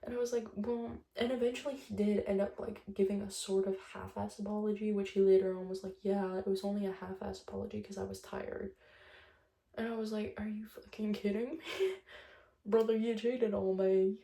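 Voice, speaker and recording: A woman's voice: mid-range voice, level tone, moderate pace, creaky, dark tone, roomy sound. A young woman vlogger telling a breakup story in a chatty, casual monologue, swearing often and retelling conversations line by line.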